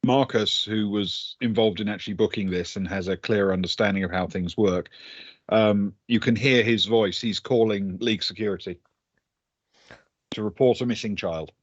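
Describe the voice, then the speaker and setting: A man's voice: fairly low pitch, dry recording. Game master man with a dull dry mic. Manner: measured, hesitant with frequent ums. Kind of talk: narrating a tabletop game.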